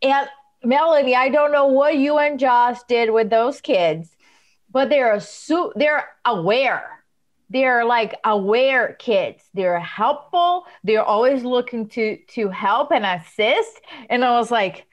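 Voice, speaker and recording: A woman's voice: on the high side, animated, takes it slowly, dull audio. A woman co-hosting a podcast, introducing a returning guest in an enthusiastic, casual way, laughing easily. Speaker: podcast co-host.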